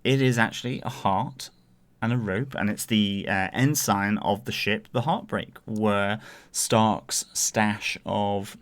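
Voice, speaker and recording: A man with a lowish, fairly even voice speaks slowly as a podcast co-host in a casual TV review chat. He rambles through his thoughts, searching for words as he goes.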